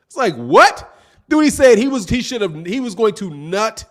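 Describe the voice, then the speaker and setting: Animated, high-voiced man laughing. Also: moderate pace. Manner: loose, slangy, laughs often, calls people dog. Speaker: boxing livestream host. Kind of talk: casual livestream chat reading viewer comments.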